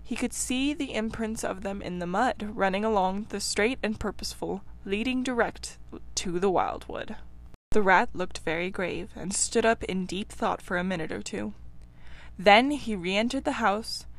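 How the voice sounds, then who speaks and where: Woman reading a kids' storybook out loud, measured, expressive, mid voice. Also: mid-range voice. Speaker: reader. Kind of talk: storybook read-aloud narration.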